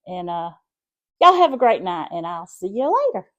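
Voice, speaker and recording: A woman's voice: lowish voice, sing-song, normal speed, dull audio. A middle-aged woman with a South Alabama accent, chatting through a home cooking demonstration in a folksy, rambling way. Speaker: home cooking channel host.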